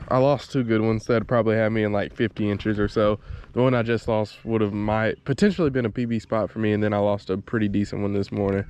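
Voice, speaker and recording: A man, vlogging while fishing from a kayak and talking excitedly and frustratedly to himself. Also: on the low side, brisk. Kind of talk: casual vlog talk to camera. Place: outdoors on a kayak on a lake. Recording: noisy outdoor camera audio.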